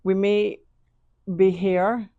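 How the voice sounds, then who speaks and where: A Jamaican woman being interviewed as an author, speaking in a measured, reflective way. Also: mid-range voice, fairly even intonation, mellow, no echo, highs cut off. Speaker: author guest. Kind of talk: interview conversation.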